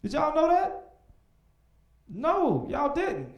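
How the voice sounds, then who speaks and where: Young male stand-up, high voice that swings wide, echoey club room. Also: takes it slowly, dull audio. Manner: animated, with loud shouted voices for punchlines. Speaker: stand-up comedian. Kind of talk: stand-up comedy set. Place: comedy club stage.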